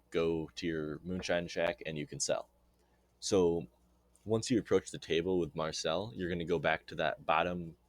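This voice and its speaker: A young man narrating a casual gameplay tutorial in a relaxed, chatty way with dry sarcastic asides. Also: sits low. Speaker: game guide narrator.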